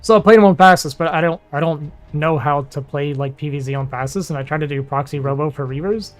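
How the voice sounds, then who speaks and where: A man's voice: fairly high pitch, quick pace, soft background music. A man who streams games, chatting casually, laughing often and trailing off with fillers. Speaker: streamer and game player. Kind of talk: casual chat.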